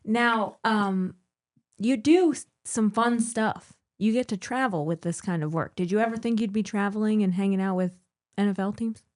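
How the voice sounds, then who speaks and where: A woman's voice: mid-range voice, normal speed, a little mellow. A woman hosting a casual interview, asking friendly, short questions. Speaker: host.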